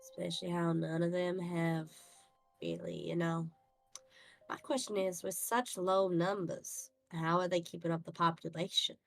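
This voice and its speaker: A woman's voice: lowish voice, level tone, moderate pace, creaky, faint music behind. A woman playing a blunt, down-to-earth dwarf parent in a tabletop game, speaking casually. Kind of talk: tabletop role-play.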